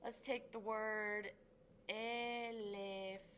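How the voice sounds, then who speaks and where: A woman's voice: mid-range voice, expressive, unhurried, a little hiss or hum. A woman tutor giving a lesson, upbeat and encouraging, stretching out syllables dramatically to show stress. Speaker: Spanish tutor. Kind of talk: classroom lesson.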